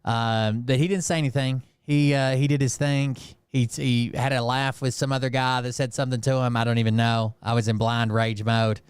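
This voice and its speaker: A man's voice: medium pitch, level tone, normal speed, hardly any pauses, clear, resonant tone, dry recording. A man casually retelling a heated run-in with lots of swearing and filler words. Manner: profane, rambling, heated retelling full of fillers. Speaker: channel host. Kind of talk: casual storytelling.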